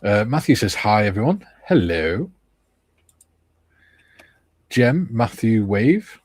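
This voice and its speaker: Husky low-voiced man hosting a chat. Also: big pitch swings, slow, a little mellow, no echo. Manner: easygoing, reads viewer comments aloud. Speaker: stream host reading viewer chat. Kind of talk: casual chat while painting models.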